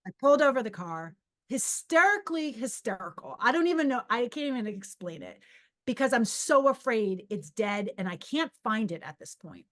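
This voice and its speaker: A woman's voice: fairly high pitch, big pitch swings, moderate pace, a bit bright. A middle-aged woman who hosts a podcast as a psychic medium, telling a personal story in a casual, rambling way. She restarts sentences often and acts out her own inner voice.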